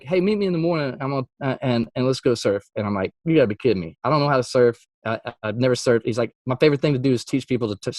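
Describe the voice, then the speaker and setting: Speaking in a mid-pitched voice, this man is a Christian music artist sharing a story in a relaxed interview. Every quote gets acted out with leaps in pitch, and he laughs frequently. The sound is dry and close, with no echo.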